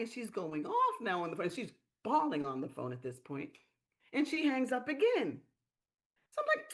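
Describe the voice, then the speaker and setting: A woman hosting a live-stream business training, telling stories in a lively way and acting out the quotes. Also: deep voice, moderate pace. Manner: lively storyteller, acts out quotes. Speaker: sales training host.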